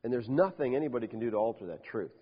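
A man pastor preaching a sermon, swinging between loud emphatic declarations and quiet asides. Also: medium pitch, lively intonation, racing, slightly rough, in a large hall, muffled recording.

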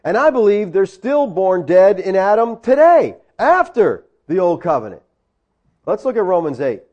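A man's voice: sits high, very animated, normal speed, highs cut off. A man delivering a teaching sermon, explaining words from the Greek and driving points home with rhetorical questions. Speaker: preacher.

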